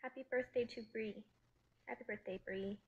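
Woman, higher voice, husky breathy tone, breezy casual livestream chat, phone mic. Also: fairly even intonation, phone-quality sound. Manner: chatty, breezy, quick to laugh. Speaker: actress hosting a livestream. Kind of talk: casual chat reading viewer comments aloud.

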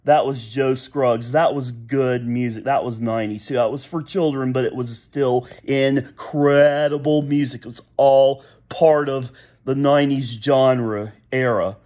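A man's voice: medium pitch, fairly even intonation, unhurried, darkish tone. A man ranting in a casual solo vlog, rambling and exasperated, full of nostalgia. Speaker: vlogger. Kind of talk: casual solo rant to camera.

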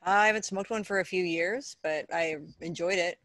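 A woman's voice: on the low side, moderate pace, fairly bright tone, no room sound. Lady guest on a podcast, frank, dry humor, close dry sound. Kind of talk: casual chat.

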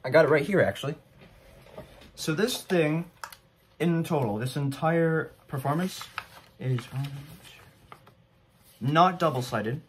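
A man's voice: a little high, expressive, measured pace, long pauses, slight background noise. Young guy rambling about his performance, casual, self-mocking. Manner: rambling, chatty, self-deprecating. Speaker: vlogger. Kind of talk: casual commentary.

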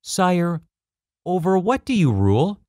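A man voicing a small, timid boy prince in a storybook reading, speaking softly and earnestly. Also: high-pitched, big pitch swings, unhurried, dry recording, clean studio sound, voice pushed up.

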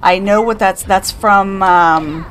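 A woman's voice: medium pitch, slow, a bit bright, a little hiss or hum. An older woman streaming a game, chatting casually, reading out chat and laughing often. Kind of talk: casual live-stream chat while gaming.

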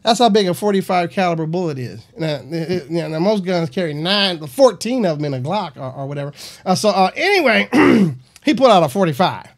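A man's voice: sits high, a little fast. A comedian hosting his own show, riffing on a news story in a loose, rambling way. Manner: animated, rambling with fillers. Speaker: comedian host.

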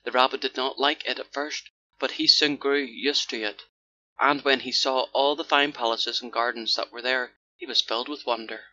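Male audiobook narrator for children's fairy tales; very bright, crisp delivery, lo-fi with faint hiss. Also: mid-range voice, fairly even intonation, moderate pace.

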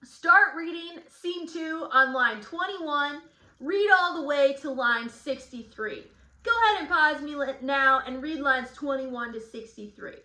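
A woman's voice: high-pitched, a little slow, sharp tone. A woman teacher leading a casual guided reading lesson, chatty with sardonic asides. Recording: roomy echo.

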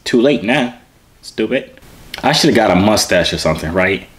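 A man's voice: on the low side, animated, moderate pace. A young man from Arkansas, joking around with strangers on a phone video chat. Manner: playful, joking, teasing. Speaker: YouTuber.

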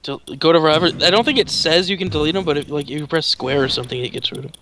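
A man's voice: on the high side, racing, a crowd in the background. A young man co-hosting a game stream, joking and helping with the game menus. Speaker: co-host. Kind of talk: casual gaming chat.

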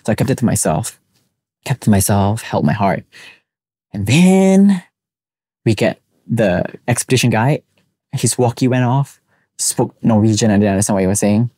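Animated young Singaporean man storyteller. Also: lowish voice, moderate pace, long pauses, husky, no echo, studio quality. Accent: Singaporean English. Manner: animated, acts out quoted voices. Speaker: podcast host. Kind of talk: personal storytelling on a podcast.

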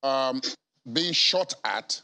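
A man's voice: mid-range voice, expressive, extremely slow, bright, forceful tone. A man interviewing a guest on television, asking methodical clarifying questions.

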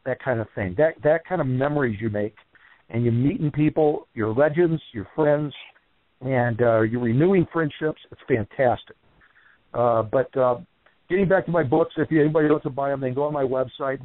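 On a casual radio interview conducted over a tinny, dry phone line with no echo, a mid-range-voiced man who trains wrestlers tells animated, wandering stories full of fillers.

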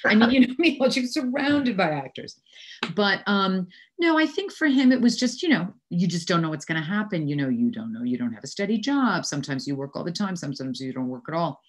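An American woman in her sixties from New York City, an actress telling animated anecdotes in a casual interview and laughing often. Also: on the low side, quick pace.

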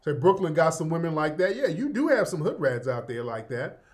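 A man's voice: fairly high pitch, expressive, a little fast. A male host giving opinionated commentary, sardonic and emphatic, often tagging his points with "yeah?".

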